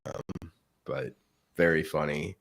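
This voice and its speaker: A man's voice: extremely low pitch, little pitch movement, takes it slowly, creaky, fairly bright tone. A man co-hosting a casual podcast, laughing as he retells scenes. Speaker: podcast co-host. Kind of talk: casual chat.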